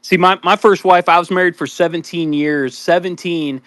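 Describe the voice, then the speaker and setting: A man's voice: sits high, steady tone, moderate pace, fairly bright tone, dry recording. Middle aged guy on a podcast, candid, lots of uhs, dry close sound. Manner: candid, joking, trailing off with fillers. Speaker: podcast panelist. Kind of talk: casual group chat.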